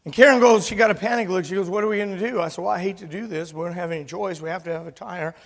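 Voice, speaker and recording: A pastor preaching a sermon, an animated storyteller who acts out the dialogue of his story. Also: high voice, very fast, creaky. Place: church sanctuary. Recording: church hall reverb.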